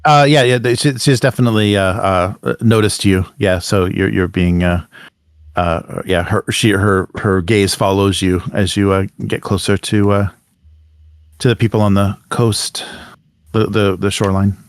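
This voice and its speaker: A man running a tabletop game as game master. He narrates in a halting, stop-start way. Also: on the low side, fairly even intonation, dry recording, clean studio sound.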